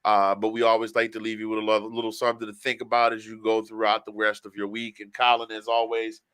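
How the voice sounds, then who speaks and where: A male sports podcast host with a low voice that still sounds bright and forceful. The recording is dry and close, with no room sound. He talks casually and tells stories with a lot of emotion and life. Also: fast talker, clean tone, dry recording. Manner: emotional, animated storyteller.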